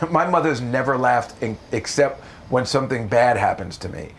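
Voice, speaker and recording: Profane, animated male comedian storyteller. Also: moderate pace, slight background noise. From United States. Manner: animated, profane, jumps into high voices for quotes. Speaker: comedian guest. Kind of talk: casual storytelling interview.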